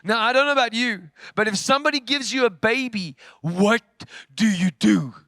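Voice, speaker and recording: A male preacher with a high, bright voice tells a story from the pulpit. He swings between loud, forceful lines and near-whispers. The sound is close and dry. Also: normal speed, no room sound. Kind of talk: sermon storytelling. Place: church.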